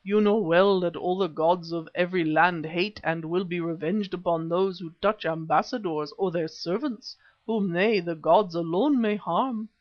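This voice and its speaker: A man reading an audiobook, voicing a small, cunning, wizened old male servant who speaks in a squeaky, pleading way. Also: normal speed, hardly any pauses, natural voice. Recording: dull lo-fi recording.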